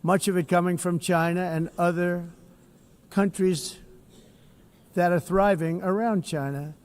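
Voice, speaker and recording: A man's voice: high voice, steady tone, measured pace. A man giving a formal speech to an assembly as head of state, blunt and boastful, repeating himself with rambling asides from a podium mic in a large hall.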